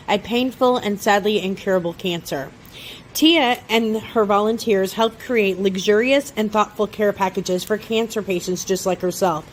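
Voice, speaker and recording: A woman giving a scripted promotional narration in a steady, read-out way. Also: medium pitch, a little hiss or hum.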